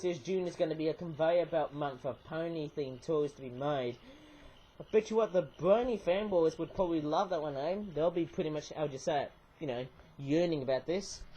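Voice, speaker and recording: A man's voice: fairly high pitch, background noise. A British man reviewing toys in a rambling, chatty way, full of fillers and tag questions, with a cold and sore throat, talking to a webcam at home. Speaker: toy reviewer. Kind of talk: casual toy review chat.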